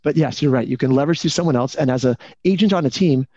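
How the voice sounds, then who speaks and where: A man coaching a real estate team over a video call, energetic and constantly asking the group questions. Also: mid-range voice, fast, no room sound. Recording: dull lo-fi call audio.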